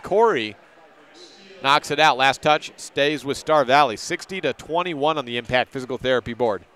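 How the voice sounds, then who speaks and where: Brisk local radio basketball announcer, man. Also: medium pitch, a bit bright, smooth. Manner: brisk play-by-play, corrects himself on names. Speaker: play-by-play announcer. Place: gym at a high school game.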